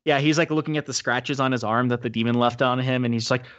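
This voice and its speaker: A man's voice: fast, muffled recording. A man co-hosting a podcast, casually recapping a movie and acting out its scenes. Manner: animated retelling, acting out quotes in a high squeaky voice. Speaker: podcast co-host.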